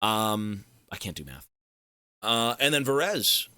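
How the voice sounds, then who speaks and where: A male live streamer chatting casually and thanking donors, excitable and effusive, swearing freely. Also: on the low side, takes it slowly, clean tone, no room sound, clean studio sound.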